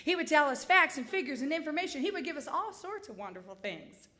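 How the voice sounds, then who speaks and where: A woman's voice: sits high, sing-song, fast talker, bright, forceful tone. A woman in her forties from Michigan telling a comic, self-deprecating story live on stage, in a chatty way.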